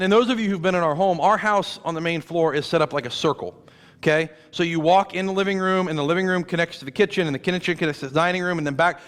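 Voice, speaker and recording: A man in his thirties preaches from a church pulpit in a fairly high voice, talking to the congregation in a conversational way and stacking up rhetorical questions. The sound rings with the long reverb of a large sanctuary. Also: a bit bright, clean tone. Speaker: pastor. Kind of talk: sermon.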